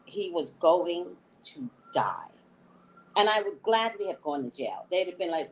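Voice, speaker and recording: A middle-aged woman, a psychic reader, telling a story in an animated, emphatic way during a live reading chat. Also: fairly low pitch, a little slow, a little hiss or hum.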